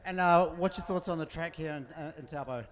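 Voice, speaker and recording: A man's voice: a little high, brisk. A man interviewing drivers at a racetrack, chatty and upbeat. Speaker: pit lane interviewer. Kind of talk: live event interviews. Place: outdoors at a racetrack.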